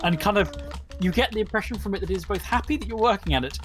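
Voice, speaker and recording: A man's voice: high voice, rapid-fire, faint music behind. A man narrating a tabletop game as game master, rambling and full of fillers. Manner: rambling, animated, many fillers.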